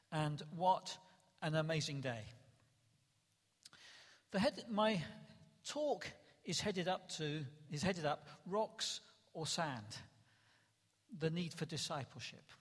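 High-voiced preacher in an echoing hall. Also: male voice, fairly bright tone. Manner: dramatic, rising to emphatic calls. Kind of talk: sermon. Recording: long reverb in a large hall.

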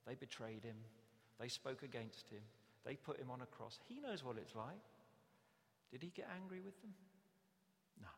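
A man preaching a sermon in a church, conversational and animated, often acting out the voices he quotes. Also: medium pitch, moderate pace, long pauses. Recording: long reverb of a church hall.

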